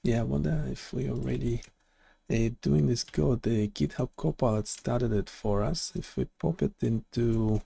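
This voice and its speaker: A man's voice: mid-range voice, unhurried, gravelly, mellow, breathy edge, dry recording. A man hosting a live coding stream, thinking aloud and giving instructions to an AI assistant.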